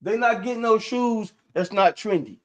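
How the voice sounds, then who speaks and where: Expressive and a bit bright, his high voice moves at a moderate pace as this livestream host rambles casually through sneakers and street culture, saying "man" and "y'all" constantly.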